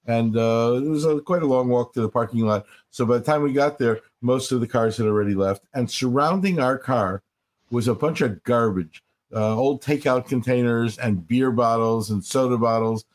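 An older man with a middle-pitched voice speaks like a rabbi offering reflections in an interview. He tells stories earnestly and often slows down to emphasize his key points.

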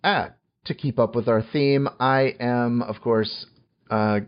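A man co-hosting a casual podcast chat, halting through many fillers and tossing in joking asides. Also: medium pitch, fairly even intonation, dull audio. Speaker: podcast co-host.

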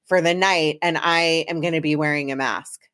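A woman's voice: low-pitched, fairly even intonation, normal speed, a bit bright, dry recording, studio quality. A woman hosting a podcast, chatting casually and rambling with restarts. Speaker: podcast host. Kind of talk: casual chat.

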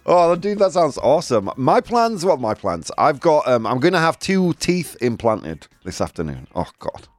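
A man's voice: fairly high pitch, big pitch swings, normal speed, hardly any pauses, no room sound. A man in his forties hosting a live show with a jovial, playful manner and frequent laughs. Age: 40s. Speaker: host.

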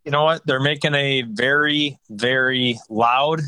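A man chatting casually on a podcast, excitable and rambling, swearing freely. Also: mid-range voice, a little slow, clean tone, dry recording. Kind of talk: casual chat.

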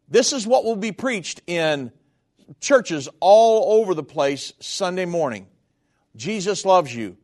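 A man preaching in an earnest, heartfelt voice that sits a bit high for a man. He swings between soft, low passages and louder, raised ones as he goes. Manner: earnest, heartfelt, wide swings in pitch and volume. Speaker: radio preacher. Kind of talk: preaching sermon.

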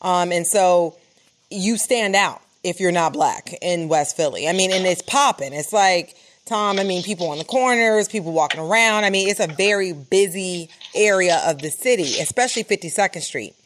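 A woman's voice: lowish voice, normal speed. A woman reporter recounting what she saw in an urgent, emphatic way, with many fillers. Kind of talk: live interview, recounting events.

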